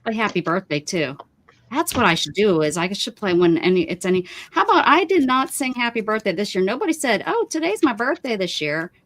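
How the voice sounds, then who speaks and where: Brief: woman host, rambling casual chat, emphatic rants, very lively pitch. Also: a little fast. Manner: rambling, emphatic, ranting about pet peeves. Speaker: craft livestream host.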